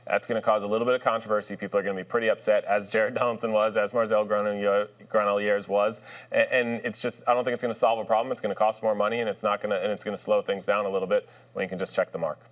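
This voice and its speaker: A man on a sports panel arguing his view in a relaxed, rambling way. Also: fairly low pitch, very fast, few pauses, distant mic. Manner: relaxed, rambling, with fillers and restarts. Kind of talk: casual debate chat.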